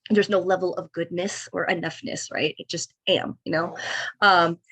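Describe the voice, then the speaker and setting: A woman's voice: lowish voice, fairly even intonation, normal speed, a bit bright, slightly rough. A woman in her thirties, a podcast guest chatting casually and candidly, full of fillers and restarts, acting out her own past thoughts. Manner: rambling, many fillers and restarts. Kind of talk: casual conversation.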